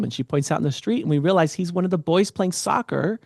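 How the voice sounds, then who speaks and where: A man telling a personal story as a guest in an interview, earnest and halting, often restarting his sentences. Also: on the high side, vocal fry, a little mellow, dry recording, clean studio sound. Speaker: guest, author and speaker.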